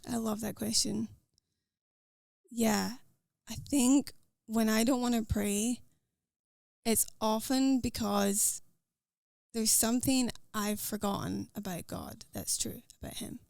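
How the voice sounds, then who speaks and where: A Scottish woman speaking quickly and earnestly as a guest in a casual conversation. Her voice sits fairly high with a gravelly, fry-tinged edge. The sound is dry and close. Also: a little mellow, no echo. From Scotland. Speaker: podcast guest. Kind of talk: casual interview chat.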